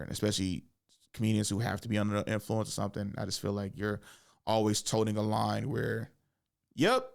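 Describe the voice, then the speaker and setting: A man's voice: fairly low pitch, a little fast, gravelly. A young man hosting a casual podcast, telling a story with lots of swearing and jumping into voices. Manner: animated storyteller, swears a lot, acts out voices. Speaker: podcast host and stand-up comedian.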